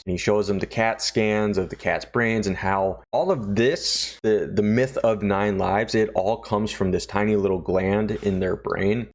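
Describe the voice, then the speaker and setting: A man with a fairly low voice casually recaps a horror show episode. He talks in a joking, rambling way, with plenty of fillers and asides. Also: darkish tone. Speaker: reviewer.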